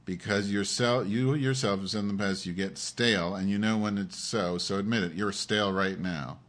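A man's voice: fairly low pitch, moderate pace, fairly bright tone. A man hosting a live stream, ranting at his viewers in a profane, sarcastic and combative way.

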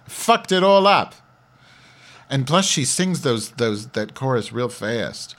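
A creaky, low-voiced man does a comedic radio bit, piecing together crude parody lyrics by muttering and then singing them loudly. His pitch swings widely at a normal speed, his humor is self-deprecating, and soft music plays in the background.

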